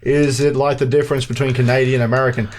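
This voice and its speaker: A man's voice: mid-range voice, little pitch movement, fast, a little mellow, a little hiss or hum. A young man with a broad Australian accent, co-hosting a casual podcast chat in a laid-back, crude way. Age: young adult. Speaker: podcast co-host.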